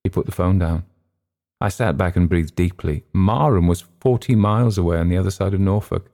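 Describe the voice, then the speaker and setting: A man reading a first-person thriller audiobook in a measured, understated manner. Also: sits low, dark tone. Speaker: audiobook narrator.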